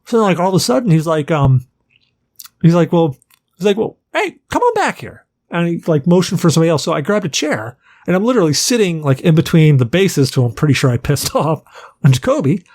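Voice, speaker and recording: A man's voice: a little high, expressive, fast, a little mellow. A man co-hosting a podcast who tells a long story in a rambling, swearing way and acts out what people said. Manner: rambling, profane, acts out quotes. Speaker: podcast co-host. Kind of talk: casual storytelling chat.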